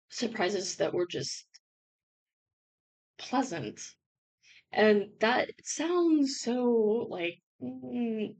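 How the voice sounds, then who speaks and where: A woman reviewing a book in a casual vlog, bubbly and chatty with lots of fillers, her voice hoarse and giving out. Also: medium pitch, low-quality recording.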